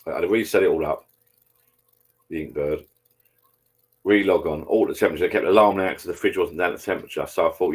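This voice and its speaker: A man's voice: sits low, fast, pauses often, husky. A man hosting a live stream, chatting casually and rambling over beers, swearing freely as he talks to viewers.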